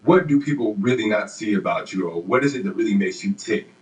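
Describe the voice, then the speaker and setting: A man's voice: on the low side, expressive, fairly quick, rough recording. A man interviewing an athlete on camera, coaching and encouraging him.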